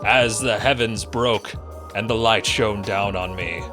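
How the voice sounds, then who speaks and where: A man voicing a male wheelwright NPC, giving a slow, solemn, overdramatic speech with a faraway tone. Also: fairly low pitch, music in the background. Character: grandiose male wheelwright delivering an overdramatic monologue.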